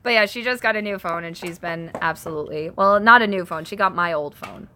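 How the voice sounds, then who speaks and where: A woman's voice: lowish voice, a little fast, bright, forceful tone, a little hiss or hum. A woman hosting a casual live stream from home. She reads viewer comments aloud and answers them, chatty and self-conscious, laughing often.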